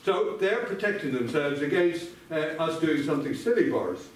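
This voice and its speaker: A man's voice: a little high, sing-song, moderate pace, slight background noise. An older man giving a sardonic debate speech, addressing his opponent directly by name. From Ireland. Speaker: debate speaker. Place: large debating chamber indoors. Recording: echoey hall, voice from far off.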